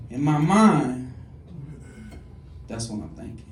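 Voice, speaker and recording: A male stand-up comedian telling a story on a club stage, animated, jumping to loud high bursts on the punchlines. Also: unhurried, long pauses. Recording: echoey club, distant mic, audience noise.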